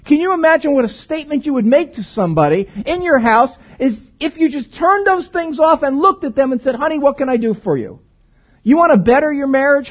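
A man preaching a sermon in a conversational, animated way, asking the congregation rhetorical questions. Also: very high-pitched, lo-fi sound. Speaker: pastor.

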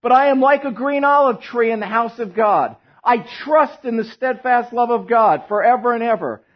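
A man preaching a sermon as pastor, animated and joking, telling stories to his church. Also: very high-pitched, normal speed, lo-fi sound. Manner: animated, joking storyteller who drops to a hushed tone in prayer.

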